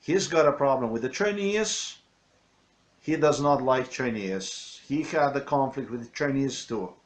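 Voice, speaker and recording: A man narrates over video clips in broken, non-native English. His voice sits at a middle pitch, and his delivery is a loose, ranting ramble. He keeps breaking off to restart and correct himself. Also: expressive, a little slow. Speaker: video commentator.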